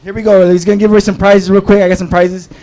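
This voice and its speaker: A drunk male host with a notably high voice works the room at an open mic. He rambles loosely and shouts out to the crowd between prize giveaways, all on a live stage mic. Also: flat delivery, fast. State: tipsy. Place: comedy club stage before a live audience.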